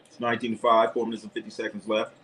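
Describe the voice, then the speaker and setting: A man's voice: lowish voice, monotone, racing, fairly bright tone, a little hiss or hum, poor audio. A man hosting a live basketball stream, calling plays and giving strong, profane opinions to his chat, often repeating himself. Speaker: live sports commentator, channel host. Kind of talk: casual live game commentary to a chat.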